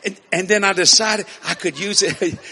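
A man preaching a story-filled sermon, animated and laughing as he acts out voices. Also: sits high, unhurried, creaky, slightly rough.

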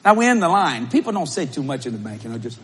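A man preaching a sermon and telling a story, with shouted bursts and laughing asides. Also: medium pitch, sing-song, quick pace. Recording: live audience, faint crowd noise.

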